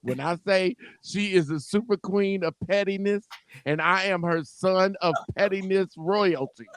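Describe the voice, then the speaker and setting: High-voiced man telling stories. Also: a little slow, clear, resonant tone, no room sound. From Cleveland, Ohio. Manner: laughing, stammering storyteller, colloquial. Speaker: co-host. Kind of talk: casual storytelling chat.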